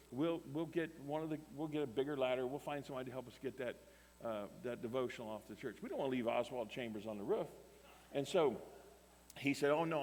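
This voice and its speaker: A man preaching a sermon, telling a story animatedly and acting out both sides of the dialogue. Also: a little high. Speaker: pastor. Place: camp meeting hall. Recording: long hall reverb.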